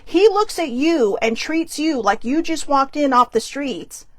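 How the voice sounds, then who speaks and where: A woman's voice: high voice, a little slow, no room sound. A middle-aged woman, hosting a show and telling a story casually, bluntly and with profanity, acting out the people she quotes. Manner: blunt, profane, animated retelling with quoted voices. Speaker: podcast host.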